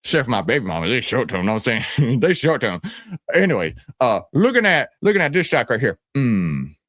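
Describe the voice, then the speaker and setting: A man's voice: mid-range voice, very animated, fairly quick, fairly bright tone, no echo, clean studio sound, voice pushed down. A man playing a brash, boastful stock-hype guru who talks in swaggering slang and rambles. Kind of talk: comedic character skit.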